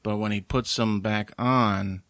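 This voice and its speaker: A man's voice: fairly low pitch, steady tone, measured pace, a bit bright, no echo, studio quality. A man co-hosting a podcast, chatting about a movie in a laid-back way. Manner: laid-back, short agreeing replies. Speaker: podcast co-host. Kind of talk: casual movie chat.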